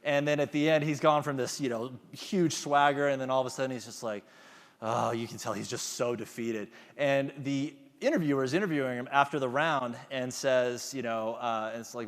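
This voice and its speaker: A man's voice: medium pitch, steady tone, a little fast, big-room sound. A man giving a motivational talk to an audience, engaging them with questions. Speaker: conference speaker.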